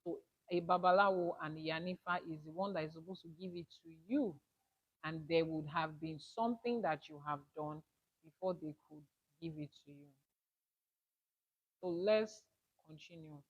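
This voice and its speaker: A woman's voice: sits low, moderate pace. A woman leading a spiritual class, emphatic, repeating her key points and asking rhetorical questions. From Nigeria. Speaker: Ifa spiritual teacher. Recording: dull lo-fi audio.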